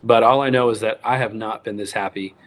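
A man's voice: on the low side, fairly even intonation, fairly quick. A man in his thirties, a wild game cook, telling his story in a casual interview and acting out the voices of the people in it, with many restarts. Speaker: guest, wild game cook and recipe writer.

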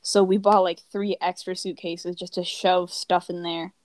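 Rambling through travel stories in casual chat, this American teen girl acts out quoted people and says "like" constantly. She speaks at a moderate pace in a fairly low, level, slightly mellow voice, on a dry recording.

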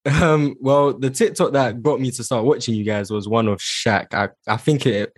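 A man's voice: medium pitch, moderate pace, no room sound. A young British man from the UK, a guest chatting in a laid-back, self-deprecating way over a video call. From United Kingdom. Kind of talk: casual chat.

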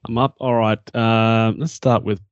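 A man's voice: on the low side, fairly even intonation, unhurried, clean tone, dry recording, muffled recording. A man chatting casually about games, laughing often. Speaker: podcast co-host. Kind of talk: casual gaming chat.

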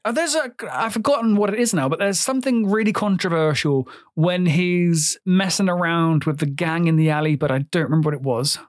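A man's voice: a little high, fairly quick, hardly any pauses, no room sound. Chatty swearing British man, dry mic. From Britain. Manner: chatty, swears freely, retells scenes with funny voices. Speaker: podcast co-host. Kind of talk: casual chat.

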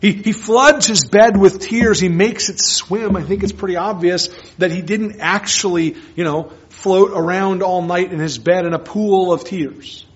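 A man preaching a sermon as pastor, earnest, moving between hushed and emphatic lines. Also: sits high, a little slow, few pauses. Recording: dull lo-fi sermon recording.

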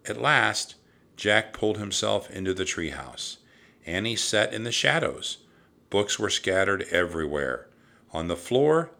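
Slow, expressive man reading a storybook. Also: low voice. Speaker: narrator.

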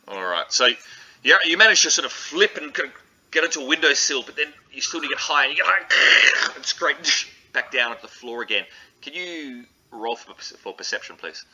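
A man narrating as game master of a tabletop game, describing scenes in an animated way. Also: mid-range voice, brisk, muffled recording, slight background noise.

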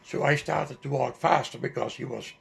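An older man slowly recounting a personal memory in an interview, halting often with fillers and restarts. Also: medium pitch, creaky. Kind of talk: personal storytelling.

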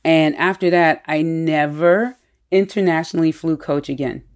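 A woman telling personal stories in a candid, animated way during a casual conversation. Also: low voice, normal speed.

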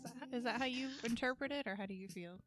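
A woman radio host from the American Midwest, chatting casually on air, rambling with lots of fillers and quick laughs. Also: fairly high pitch, over music.

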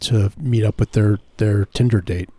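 A man hosting a comedy radio chat, riffing deadpan and absurd with halting restarts. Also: on the low side. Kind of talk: joking casual banter.

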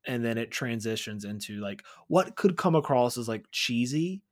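A man's voice: mid-range voice, lively intonation, moderate pace. A man co-hosting a movie podcast, earnestly and emotionally retelling scenes in casual review chat. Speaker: podcast co-host.

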